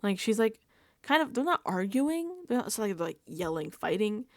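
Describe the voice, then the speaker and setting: In a clean studio recording with no room sound, a woman vlogger gives a relaxed reality TV recap with reactions. Her medium voice is a little mellow, moves at a moderate pace with big pitch swings, and she laughs a lot and whispers asides.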